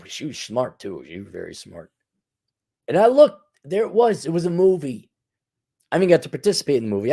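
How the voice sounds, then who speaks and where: A man's voice: a little high, a little mellow. A man hosting a solo commentary monologue, lecturing in a sarcastic, mocking way. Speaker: commentary channel host.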